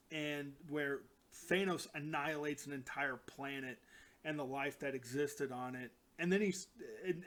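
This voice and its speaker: A man casually recapping comic book stories alone, rambling and animated, slipping into quick character voices for quoted lines. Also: a little high.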